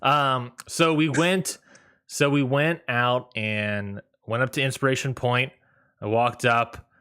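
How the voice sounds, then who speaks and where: A young man co-hosting a podcast, chatting casually and rambling through a personal story with frequent laughter. His voice is bright and ringing, and his pitch is middle for a man. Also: fairly even intonation, slow, clear, resonant tone. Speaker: podcast co-host.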